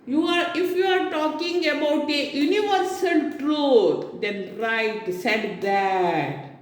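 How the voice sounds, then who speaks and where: Slow-talking woman teaching grammar, echoey room. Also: sits high. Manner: explains step by step with many "now see" and "okay?". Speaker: English teacher. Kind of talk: classroom grammar lesson. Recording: very echoey room with faint hiss.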